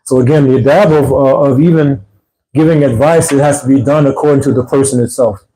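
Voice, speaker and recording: A man teaching at a weekly mosque gathering, talking in a conversational, rambling way and getting animated when he quotes people. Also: mid-range voice, fairly quick, rough recording. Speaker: religious teacher. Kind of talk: informal religious talk.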